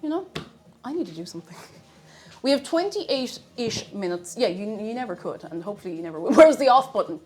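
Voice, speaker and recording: Woman, streamer, casual cooking chat, playful and rambling, bouncy pitch, faint music behind. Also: animated, fairly quick, darkish tone, slightly rough.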